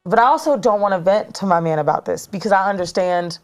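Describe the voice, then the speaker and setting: Woman podcaster, casual slangy storytelling, dramatic, mid-pitched voice. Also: quick pace. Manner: animated, slangy, dramatic retelling. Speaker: podcast co-host. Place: studio.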